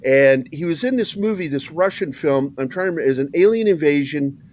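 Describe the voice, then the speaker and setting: A man's voice: a little high, expressive, fast talker, a little mellow. A man from a small Virginia town with a neutral American accent, chatting casually as a podcast co-host, rambling with lots of fillers and swearing. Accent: neutral American, Southern slips when tired. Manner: rambling, profane, many fillers. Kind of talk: casual chat.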